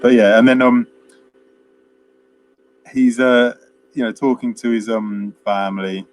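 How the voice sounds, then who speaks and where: A man's voice: mid-range voice, steady tone, a little slow, a little hiss or hum. A man, chatting casually as a podcast co-host and retelling film scenes at length with many fillers. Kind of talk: casual film review chat.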